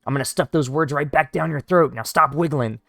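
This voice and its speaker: Guy putting on a cocky lil elf voice, higher and louder, trash-talking, dry room. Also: brisk, creaky, dry recording. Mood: defiant taunting. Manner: brash, taunting. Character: small cocky male elf, defiant and foul-mouthed.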